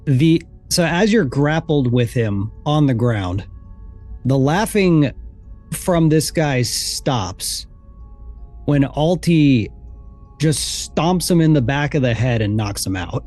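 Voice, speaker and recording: A man narrating and ruling as dungeon master in an easygoing, quick way. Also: medium pitch, animated, a little mellow, soft background music. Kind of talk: narrating a tabletop game.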